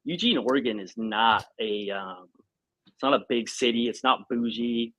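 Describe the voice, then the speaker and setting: A man in his thirties, a guest on a podcast, telling a story in a casual, animated way and acting out what people said. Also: medium pitch, normal speed, low-quality recording. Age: 30s. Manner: animated, acts out quoted speech, laughs often. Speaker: podcast guest, company president.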